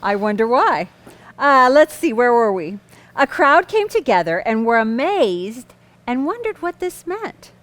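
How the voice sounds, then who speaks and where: A woman tells a Bible story to children in a high, animated voice. She stays patient and gently amused, steering the lesson back on course whenever it drifts. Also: unhurried. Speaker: kids' lesson host and storyteller.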